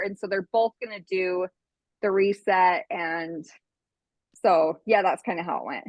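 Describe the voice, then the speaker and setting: A woman's voice: medium pitch, no room sound. A woman in her forties on a video call, chatty and slightly out of breath as she tells a story. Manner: chatty, storytelling, quick bursts. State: a little out of breath. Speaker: team member sharing tips. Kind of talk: casual video call chat.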